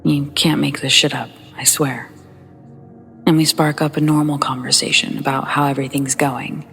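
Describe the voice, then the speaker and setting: A woman with a low, gravelly voice narrates true horror stories for a podcast. She keeps her delivery hushed and slips into half-whispers, with faint music under her. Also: little pitch movement, normal speed. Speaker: podcast host reading listener stories. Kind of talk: scripted horror story narration.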